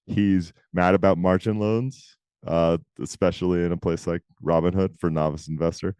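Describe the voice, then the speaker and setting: Male co-host, deep voice, emphatic casual delivery, dry recording. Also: fairly even intonation, a little mellow, smooth, no echo. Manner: talkative, emphatic, quick asides. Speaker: podcast co-host. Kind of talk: casual chat.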